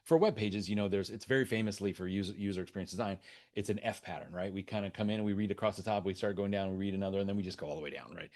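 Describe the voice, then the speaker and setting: A man's voice: sits low, fairly even intonation, rapid-fire, darkish tone. A man answering questions as a webinar guest speaker, talking off the cuff with many restarts and fillers.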